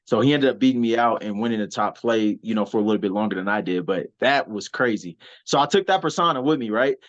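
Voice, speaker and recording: A man's voice: on the low side, fast talker. A man, a wrestler and soldier, telling stories in a casual interview with lots of fillers and restarts. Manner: animated, rambling storyteller, many fillers. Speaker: wrestler and soldier, podcast guest. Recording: slightly dull, lo-fi audio.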